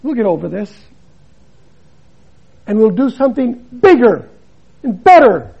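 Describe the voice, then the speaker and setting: Older gravelly man preaching dramatically. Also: extremely high pitch, sing-song, measured pace, muffled recording. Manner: dramatic, swings between loud emphasis and hushed drops. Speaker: missionary preacher. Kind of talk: sermon.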